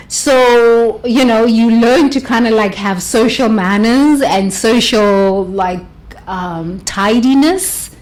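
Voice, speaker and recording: A woman giving an expressive motivational talk, stretching words for emphasis and laughing often. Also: medium pitch. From South Africa. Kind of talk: motivational monologue.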